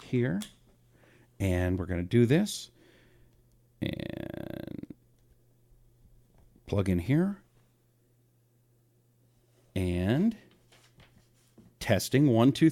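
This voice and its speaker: A man hosting a solo talk show, reading listener comments and talking in an animated, rambling way. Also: extremely slow, gravelly, pauses often. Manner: animated, rambling, lively swings in pitch. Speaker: radio talk show host. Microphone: own broadcast setup, fixing a failed mic on air.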